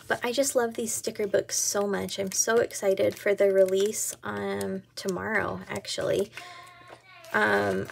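A woman's voice: mid-range voice, vocal fry, a little hiss or hum. A woman chatting casually to camera at home about her planner, giggly and full of ums. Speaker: planner vlogger.

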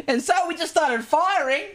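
A woman playing a brash young male outlaw, cursing through an animated roleplay story. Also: high-pitched, pitched above the performer's own voice. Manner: swears constantly, animated storytelling. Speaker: roleplay streamer.

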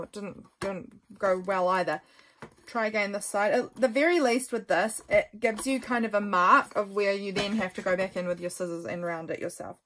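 Woman, casual craft vlog narration, chatty, self-mocking, slightly sore voice, mid pitch. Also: a bit bright, a little hiss or hum. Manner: chatty, self-mocking, talks through each craft step. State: voice getting sore. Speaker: craft vlogger.

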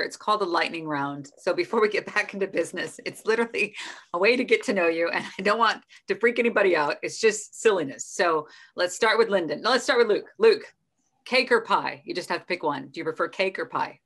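A woman hosting a casual video call, bubbly and playful, laughing often as she runs a quick question round. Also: lowish voice, fairly bright tone. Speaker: host.

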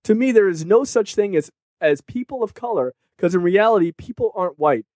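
Animated, profane man on a podcast. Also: high-pitched, a little fast, dry recording, studio quality. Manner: animated, profane, mocking put-on voices. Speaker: podcast co-host. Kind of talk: casual film podcast discussion.

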